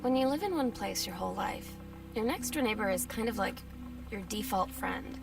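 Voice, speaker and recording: A woman's voice: medium pitch, expressive, normal speed, creaky. An actress voicing a teenage girl who narrates her journal in a wry, confiding way in a video game. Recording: game audio, distant, with music.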